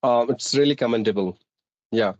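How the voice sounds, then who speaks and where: A man's voice: mid-range voice, normal speed, a little mellow, no echo, highs cut off. A man with an Indian accent who teaches English, hosting a casual speaking-practice conversation in a formal, articulate way.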